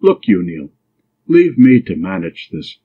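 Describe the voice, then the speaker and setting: A man's voice: low voice, sing-song, unhurried, slightly rough, voice pushed down, full character voice. A man voicing a bold teasing young lass. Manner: pert, mischievous, pleading. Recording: dull lo-fi recording.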